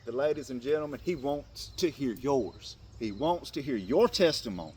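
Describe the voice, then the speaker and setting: A man's voice: medium pitch, lively intonation, normal speed, a little hiss or hum. Tearful impassioned man preaching. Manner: emotional, preachy, swings from hushed to loud bursts. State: tearful at times. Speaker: faith speaker addressing men. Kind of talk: impassioned Christian motivational talk.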